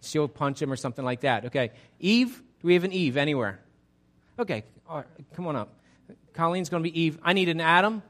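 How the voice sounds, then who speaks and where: A man as pastor giving an interactive sermon, energetic and chatty with frequent restarts. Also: a little high, a little fast.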